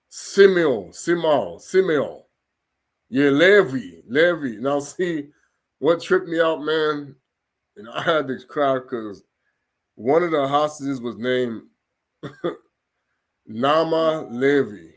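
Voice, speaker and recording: Slow, halting man reading scripture aloud. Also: on the high side. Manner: sounds out foreign words slowly, syllable by syllable, with chatty asides; laughs and gets animated in asides. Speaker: religious teacher. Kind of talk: informal scripture reading lesson.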